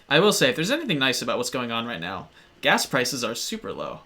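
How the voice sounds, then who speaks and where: A man playing and streaming a game, easygoing and joking as he talks through each move. His voice has a bright, forward edge at a middle pitch. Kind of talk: casual gaming chat.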